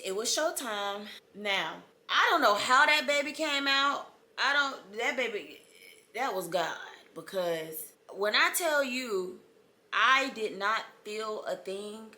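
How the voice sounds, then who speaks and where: A young woman, dramatically telling the story of her birth in a casual storytime vlog, with laughter and sudden loud outbursts. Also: medium pitch. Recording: echoey room.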